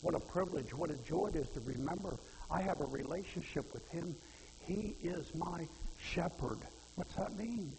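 A man's voice: fairly high pitch, normal speed, creaky, a little mellow, slight background noise. A man preaching a sermon in a folksy way, asking the congregation questions and quoting scripture. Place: church hall. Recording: reverberant hall.

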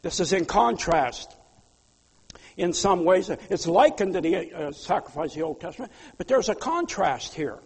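A man preaching a sermon as a pastor, swinging between loud pleas and quiet asides. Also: high-pitched, lively intonation, normal speed, breathy edge. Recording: long hall reverb.

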